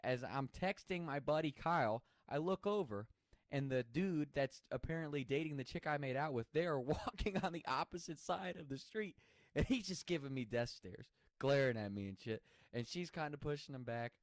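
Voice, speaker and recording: A man's voice: on the high side, expressive, moderate pace, dry recording. A man telling a personal story in a casual, chatty way, swearing freely and laughing as he goes.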